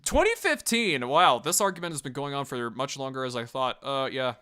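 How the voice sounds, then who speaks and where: A man's voice: medium pitch, big pitch swings, brisk, sharp tone, smooth. A man casually reviewing and reading out online comments, rambling, swearing and laughing as he goes. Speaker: video reviewer.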